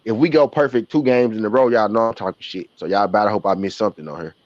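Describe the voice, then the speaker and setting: Dry, dull lo-fi stream audio captures a Southern man hosting a basketball watch party live. His voice is fairly low and a little mellow, moving at a quick pace, and he jokes, trash-talks, uses slang, and laughs frequently.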